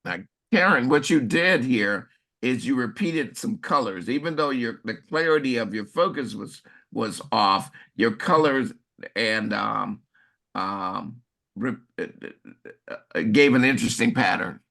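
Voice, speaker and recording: A man judging photos at a camera club, halting and repeating words, with some joking. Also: mid-range voice, animated, creaky, pushed and bright. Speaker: photo critique judge. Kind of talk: casual photo critique.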